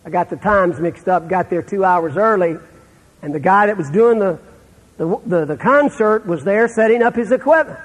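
A middle-aged man preaching a sermon, telling stories and dropping to a hush for the sad parts. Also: high-pitched, lively intonation, normal speed, slightly rough, long reverb tail, low-quality recording. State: terminal illness, on breathing treatments. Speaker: pastor.

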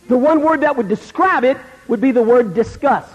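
A man's voice: very high-pitched, expressive, normal speed, hardly any pauses, husky, lo-fi sound. A man preaching a sermon, with dramatic shifts that drop almost to a whisper when acting out the people he quotes. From American South. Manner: dramatic, acts out quoted voices, drops to near-whisper. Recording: long reverb of a hall.

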